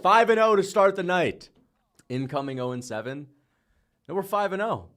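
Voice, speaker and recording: A young man streaming live, calling fight picks with hyped, shouting bursts, swearing and playful trash talk. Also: high voice, animated, normal speed, a little hiss or hum. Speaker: livestreamer making fight picks. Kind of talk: excited livestream reaction commentary.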